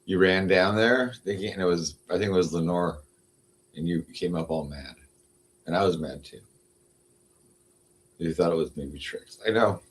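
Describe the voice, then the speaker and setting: Low-voiced male streamer, rambling and unhurried, talks to his cat between thoughts. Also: slight background noise. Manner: meandering, heavy on fillers, coos at his cat. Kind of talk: casual rambling livestream chat.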